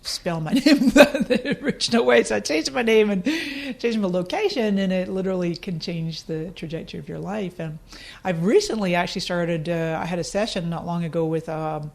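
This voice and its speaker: Animated Scottish woman telling stories. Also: a little fast, creaky, hardly any pauses. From Scotland. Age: middle-aged. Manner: animated, laughing often, acting out her own past lines in a higher voice. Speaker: podcast guest. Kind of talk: casual storytelling interview.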